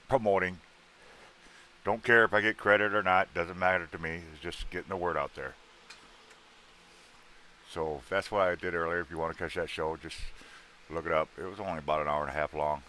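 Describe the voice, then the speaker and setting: A man's voice: deep voice, fairly even intonation, moderate pace, long pauses, pushed and bright. A man hosting a casual livestream, chatting loosely with viewers, greeting them by name and joking around, his voice a little worn. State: voice worn out from an earlier show. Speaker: livestream host.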